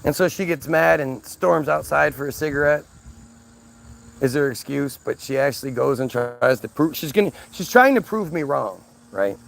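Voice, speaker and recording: Brief: male vlogger, fairly high gravelly voice, profane exasperated storytelling. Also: animated, moderate pace, slight background noise. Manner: exasperated, profane, lots of restarts. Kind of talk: casual story-telling rant.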